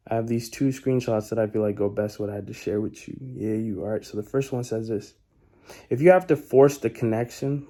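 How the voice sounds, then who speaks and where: A man's voice: lowish voice, dark tone. A young man giving casual motivational life advice in a laid-back, slangy way, often repeating his key points.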